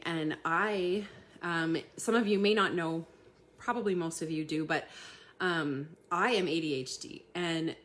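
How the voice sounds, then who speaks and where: A woman hosting a casual live talk to her community, chatty, laughing often and filling pauses with ums. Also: lowish voice. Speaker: community host giving tips.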